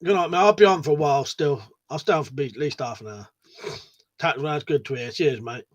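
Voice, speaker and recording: A man's voice: on the high side, a little fast, highs cut off. A man hosting a casual livestream, reading viewer messages aloud and chatting back in a matey way, swearing freely. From United Kingdom. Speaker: livestream host.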